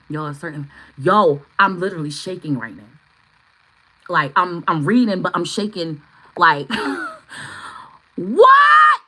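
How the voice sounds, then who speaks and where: A woman doing a live tarot reading, chatting with viewers, excitable and swearing freely. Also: low-pitched, rough recording. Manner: excitable, swearing, bursts into shouts. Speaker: tarot reader.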